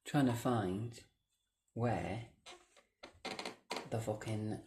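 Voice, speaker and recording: A woman's voice: very deep voice, drawn-out words, noisy background. Swearing woman ranting at home. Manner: swears constantly, swings between mutters and shouting. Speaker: vlogger. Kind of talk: casual vlog rant. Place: home, indoors.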